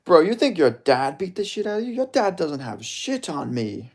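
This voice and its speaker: A brash male fighter mocking an opponent with crude trash talk, pitched up and sneering, as a man puts him on. The last words drop slow and heavy. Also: very animated, darkish tone. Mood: taunting. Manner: taunting, crude.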